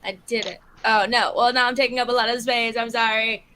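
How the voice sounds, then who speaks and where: A woman chatting casually on a stream, soft-spoken, giggly and apologetic. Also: fairly high pitch, steady tone, fairly quick. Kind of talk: casual chat.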